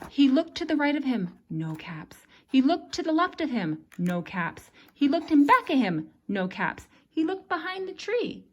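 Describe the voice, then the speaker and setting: A woman reading a picture book aloud to a child as an expressive read-aloud storyteller. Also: high-pitched, measured pace, hardly any pauses, highs cut off.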